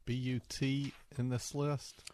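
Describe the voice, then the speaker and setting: A man co-hosting a casual talk show, explaining his points in a deliberate way. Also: mid-range voice, little pitch movement, darkish tone, no room sound. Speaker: co-host.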